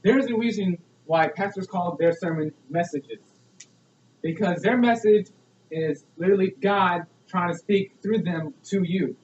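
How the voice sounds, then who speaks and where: Young male student, high voice, delivering an earnest persuasive speech with many rhetorical questions; distant, echoey, dull lo-fi recording. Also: a little slow, a little mellow. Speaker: student speaker.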